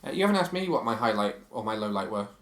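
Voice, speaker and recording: A man's voice: lowish voice, very animated, rapid-fire, a bit bright, echoey room. A man co-hosting a podcast in casual chat, sharing strong opinions and reading quotes aloud. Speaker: podcast co-host.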